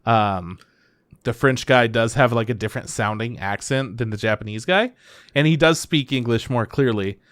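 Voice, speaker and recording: A man co-hosting a podcast in relaxed casual chat, easygoing and agreeable. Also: mid-range voice, moderate pace, dry recording, clean studio sound. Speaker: podcast co-host.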